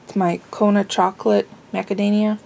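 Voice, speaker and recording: Woman vlogger, casual rambling chat while cooking at home, mid-pitched, faint background noise. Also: fairly even intonation, unhurried, low-quality recording. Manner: rambling, self-amused, lots of fillers. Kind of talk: casual chatty vlog. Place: home kitchen.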